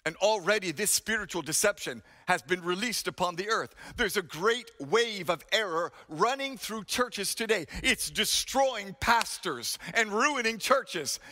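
A man's voice: high-pitched, animated, a little slow, few pauses, bright, forceful tone, long reverb tail. A male pastor preaching a sermon, dramatic and emphatic, telling stories to make his point.

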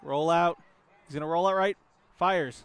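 A man calling youth football play-by-play outdoors at a field, relaxed, with filler words. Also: on the high side, moderate pace, dry recording. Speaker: play-by-play commentator.

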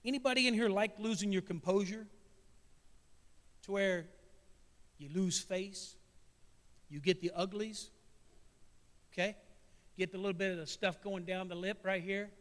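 A Midwestern American man preaches to his congregation, his voice sitting fairly high as he talks in a plain, folksy, emotional way. He asks the crowd questions and speaks to them directly. The sound carries the long echo of a church sanctuary. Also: unhurried, pauses often, a bit bright. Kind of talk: sermon.

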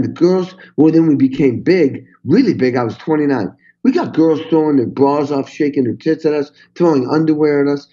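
Older man, podcast guest, mellow voice, lively storytelling, slightly dull sound. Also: medium pitch. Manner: animated, swearing, acts out quotes. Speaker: guest drummer. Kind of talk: storytelling interview.

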